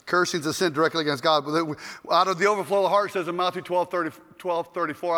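A male preacher tells stories through a sermon in an animated, joking manner, acting out the people in them. His voice sits high and bright. The recording carries a long, echoing hall reverb. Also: quick pace. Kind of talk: storytelling sermon.

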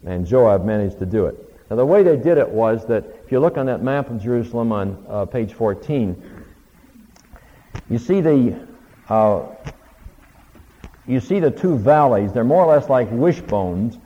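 A man's voice: mid-range voice, lively intonation, measured pace, long pauses. A man giving a conversational Bible lecture, retelling the stories with quoted lines of dialogue. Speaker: Bible teacher. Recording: lo-fi recording with long hall reverb.

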